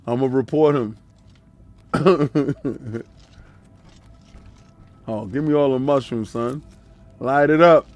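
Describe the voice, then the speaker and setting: A man's voice: mid-range voice, drawn-out words, pauses often, a little mellow, soft background music. A man streaming a video game, talking in a casual, slangy, joking way and laughing often. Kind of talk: casual gaming commentary.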